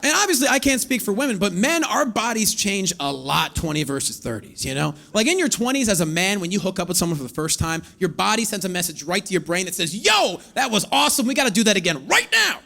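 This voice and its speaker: A man in his thirties doing a stand-up comedy set on stage, telling stories with animated delivery and acting out other people's voices. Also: high voice, fast talker, creaky, few pauses. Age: 30s. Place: comedy stage before a live audience.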